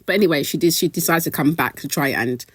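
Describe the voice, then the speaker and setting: British woman chatting reality tv gossip, low voice, dry sound, lots of laughs and big pitch jumps. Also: fast talker, breathy edge, no echo. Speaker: reality TV recap vlogger. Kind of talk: casual gossipy commentary.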